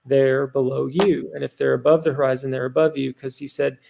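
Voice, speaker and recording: A man's voice: medium pitch, little pitch movement, a little fast, gravelly, noisy background. A man in his thirties, a podcast guest telling a story in an earnest, rambling way full of fillers.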